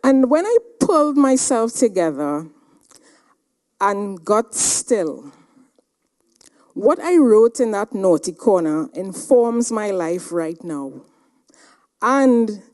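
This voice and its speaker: A woman giving a motivational seminar talk, telling a personal story in a dramatic, animated way. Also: medium pitch. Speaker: seminar speaker.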